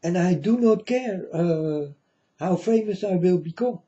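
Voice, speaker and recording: Slow, dark-voiced man preaching to viewers. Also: high voice, expressive, highs cut off. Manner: slow, repetitive, keeps asking "you understand?". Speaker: channel host. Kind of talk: religious monologue to viewers.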